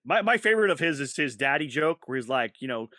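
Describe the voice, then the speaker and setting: A man who is a stand-up comedian, chatting casually on a podcast, animated and laughing often with quick asides. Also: a little high, dry recording, clean studio sound.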